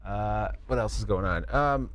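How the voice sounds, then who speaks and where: A man hosting a podcast in casual chat, laughing often and filling pauses with "uh" and "um". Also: on the low side, a loud crowd. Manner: laughs often, hesitant fillers. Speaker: podcast co-host.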